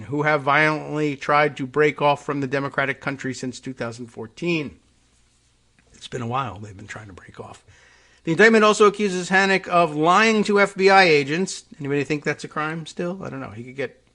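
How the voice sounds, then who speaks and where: A man's voice: on the high side, sharp tone. A man hosting a podcast, reading news items aloud and breaking in with dry, sarcastic asides. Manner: dry, sarcastic asides between read passages. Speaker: podcast host.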